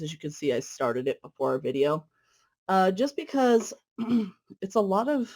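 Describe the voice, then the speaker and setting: A woman's voice: lowish voice, darkish tone. Chatty woman hosting a stitch-along. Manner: chatty, friendly, with fillers and asides while stitching. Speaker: cross-stitch video host. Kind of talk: casual stitch-along chat.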